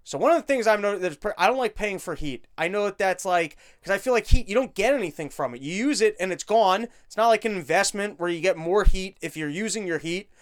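High-voiced, profane ranting man. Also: lively intonation. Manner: profane, sarcastic, fast-talking. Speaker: podcast host. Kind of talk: casual political rant.

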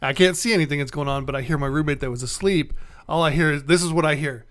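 A man co-hosting a gaming podcast in casual chat, telling lively stories and acting out the people in them. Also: fairly high pitch, fast. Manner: animated storyteller, acts out quoted voices. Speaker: podcast co-host.

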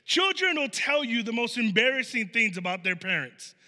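A man delivers a casual, animated sermon from the pulpit, his voice pitched high and ringing very bright. He talks like he's chatting with friends, full of "like" and quick restarts, acting out what people say. The church hall adds a long, lingering reverb. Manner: animated storytelling with playful acted-out quotes; casual speech with many "like" fillers and restarts. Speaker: pastor. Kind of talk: conversational sermon. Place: church sanctuary.

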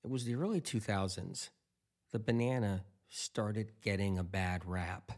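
A man's voice: lowish voice, measured pace, darkish tone. A man eating and talking casually, rambling through anecdotes with lots of quoted dialogue. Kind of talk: casual storytelling monologue.

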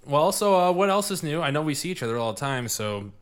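A laid-back man hosts a casual podcast, chatting loosely and breaking into easy laughter. His talk rambles comfortably between topics, with filler and restarts typical of relaxed conversation. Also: fairly high pitch, fast, clean tone. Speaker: podcast host. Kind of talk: casual chat.

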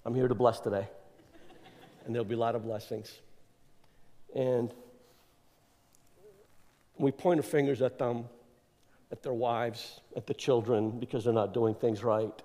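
Guest speaker, male, mid pitch, emphatic and rambling, church hall reverb. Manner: energetic, emphatic, rambling with fillers. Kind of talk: informal church address. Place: church sanctuary. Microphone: clip-on mic that keeps slipping.

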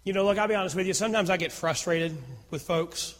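A man preaching a sermon as pastor, slow and emphatic, repeating key phrases. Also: high-pitched, steady tone. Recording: long reverb of a hall.

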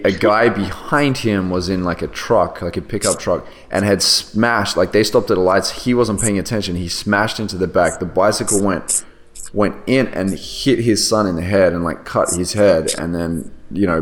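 A man hosting an interview, chatting casually and enthusiastically with frequent restarts. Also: low voice. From Australia. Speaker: podcast host.

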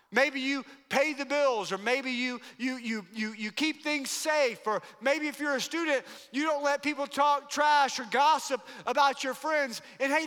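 Preaching from the stage of a large church, a male pastor delivers his sermon with emphatic, playful energy. His high, bright voice rings out with long hall reverb.

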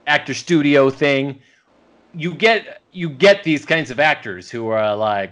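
A man's voice: medium pitch, a little slow, a bit bright. A man co-hosting a casual podcast chat, rambling along with lots of filler words. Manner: rambling, full of "you know" fillers. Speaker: podcast co-host.

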